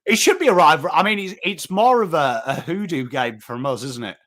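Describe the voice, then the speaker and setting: A man with an English accent hosting a live footy watchalong, mixing game commentary and cheering with quick replies to viewers in chat. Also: on the high side. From England. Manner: animated, jumps between cheering the team and greeting viewers. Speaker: livestream host.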